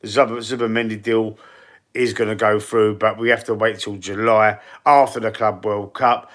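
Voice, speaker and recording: This East London host, Cockney-accented, has a fairly low, level voice with a touch of brightness and a moderate pace. He runs a casual football channel live stream, chatty and meandering, full of fillers, his nose running.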